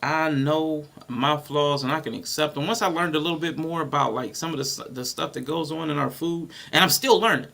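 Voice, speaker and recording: A man's voice: a little high, a little fast, creaky, hardly any pauses, bright, forceful tone. A man hosting a casual podcast discussion, rambling and thinking aloud with frequent restarts. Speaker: podcast host.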